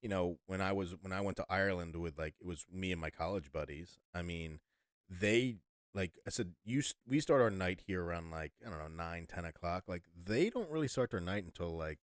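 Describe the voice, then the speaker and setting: A man's voice: deep voice, animated, a little fast, no room sound, clean studio sound. An American man co-hosting a podcast, telling a rambling travel story in a casual chat with lots of fillers and restarts. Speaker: podcast co-host.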